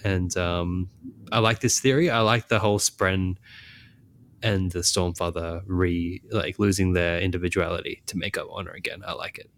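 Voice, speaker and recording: A man co-hosting a casual podcast chat, animated and quick to laugh. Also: low-pitched, slight background noise. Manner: animated, laughs often, acts out characters' lines. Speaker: podcast co-host.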